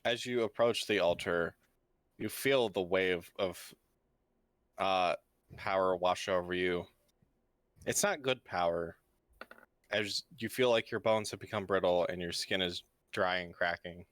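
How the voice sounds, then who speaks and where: Low guy running a tabletop game, plain matter-of-fact narration, dry close mic. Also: unhurried, long pauses, a bit bright, no room sound. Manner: descriptive, matter-of-fact rules corrections. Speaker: game master. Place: home setup for an online stream.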